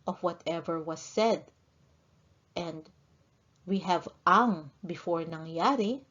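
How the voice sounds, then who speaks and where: A woman reading a scripted language lesson, saying each word pair slowly and on purpose. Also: lowish voice, a bit bright, highs cut off. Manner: slow, deliberate, reads each word pair in turn. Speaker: language teacher.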